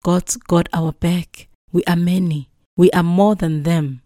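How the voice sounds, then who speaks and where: A woman voicing a calm, confident male prophet who reassures his frightened servant. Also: lowish voice, a little slow, no echo, studio quality, natural voice. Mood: reassuring.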